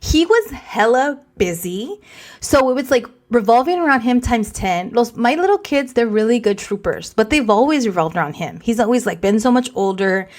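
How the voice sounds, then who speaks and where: Animated woman mixing in Spanish words. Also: on the high side, normal speed. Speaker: podcast co-host. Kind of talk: casual storytelling chat.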